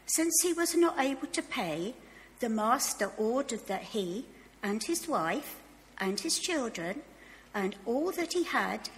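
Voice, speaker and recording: Woman reader, gravelly and unhurried, tickly throat, scripture reading in a reverberant church hall. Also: on the high side. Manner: slow, careful reading with clearing of the throat. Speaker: Bible reader.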